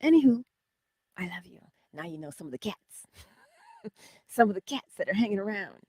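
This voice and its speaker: A breathy woman hosts a casual morning inspiration talk, her pitch swinging widely as she chats. She laughs often and slips into soft whispers to stress a point, recorded close and dry. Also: moderate pace, no room sound. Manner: animated, laughs often, drops to whispers for emphasis. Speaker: host of a morning inspiration livestream. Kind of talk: casual spiritual pep talk.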